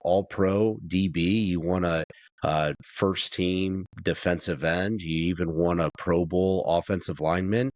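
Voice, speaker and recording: Deep-voiced man ranting about sports. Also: dry recording. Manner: blunt, ranting, swears freely. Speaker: podcast co-host. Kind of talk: casual sports chat.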